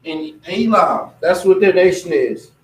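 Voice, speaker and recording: Man, somewhat high voice, animated casual teacher who slips into impressions, recorded far off in a roomy space. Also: measured pace, slight background noise. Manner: animated, mimics other people's voices. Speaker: religious teacher. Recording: echoey room, distant mic.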